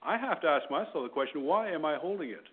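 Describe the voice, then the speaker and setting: A man preaching a sermon with passion, swinging between loud, rising appeals and quiet, pointed questions. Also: on the high side, lively intonation, fast, husky. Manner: impassioned, rising loud then dropping quiet. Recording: tinny phone-line sound.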